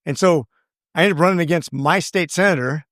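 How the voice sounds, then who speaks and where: A man's voice: on the high side, brisk, fairly bright tone, dry recording, clean studio sound. A man being interviewed as a congressman, telling his story in an earnest, rambling way with many restarts. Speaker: congressman guest.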